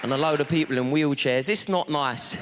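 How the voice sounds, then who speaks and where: A man's voice: on the high side, brisk, very noisy. A man doing stand-up, bantering brashly with the audience in a large theatre. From London. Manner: brash, mock-welcoming banter with the crowd. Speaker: stand-up comedian. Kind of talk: stand-up crowd work. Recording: big echoey hall with loud crowd. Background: audience laughter.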